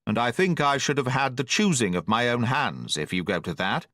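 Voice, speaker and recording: A man's voice: mid-range voice, very animated, normal speed, fairly bright tone, no echo, clean studio sound. A man reading the lines of a blunt, stern, distrustful sea captain who speaks plainly and in clipped phrases, in an audiobook.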